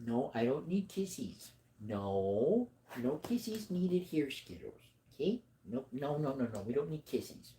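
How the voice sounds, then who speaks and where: A man talking loosely on a livestream, rambling between thoughts in a mid-range voice. His pitch swings widely, climbing high whenever he slips into baby talk with his dog. Relaxed, unscripted chat to a small audience. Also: measured pace.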